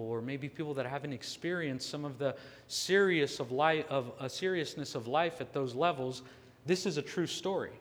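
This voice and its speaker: Earnest preacher man in a big hall. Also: mid-range voice. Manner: earnest storytelling, emphatic slow stresses. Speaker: pastor. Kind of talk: sermon.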